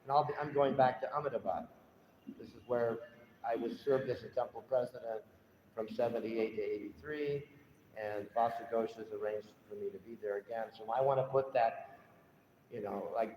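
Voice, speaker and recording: A man's voice: medium pitch, slight background noise. Older male guest speaker, emotional storyteller, roomy lo-fi hall sound. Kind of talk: storytelling talk to a temple audience. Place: temple hall. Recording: echoey hall, dull lo-fi sound.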